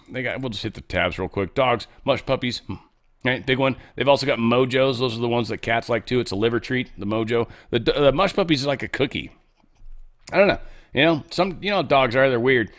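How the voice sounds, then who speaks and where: Male host, casual sarcastic commentary, lively pitch, loud-to-muttered swings. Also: a little fast. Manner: loose, joking, sarcastic, swings between loud bursts and low mutters. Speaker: show host.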